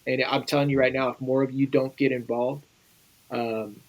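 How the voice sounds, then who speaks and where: A man's voice: mid-range voice, little pitch movement, normal speed, muffled recording. A man speaking as an interview guest in an urgent, emphatic way, often repeating phrases. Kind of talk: earnest interview conversation.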